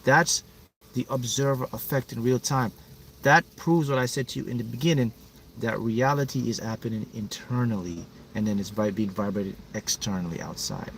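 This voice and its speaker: A man's voice: mid-range voice, fairly even intonation, normal speed, vocal fry, a bit bright, slight background noise. A man hosting a motivational livestream, talking emphatically and repeating himself to pump up his viewers. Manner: emphatic, repetitive, pumping up viewers. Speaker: manifesting coach hosting a livestream.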